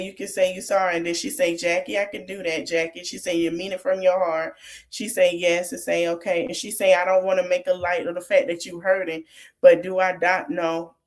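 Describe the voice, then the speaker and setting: Chatty woman podcaster recapping reality TV. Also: lowish voice. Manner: chatty, Southern-tinged slang, laughs often. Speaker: podcast host.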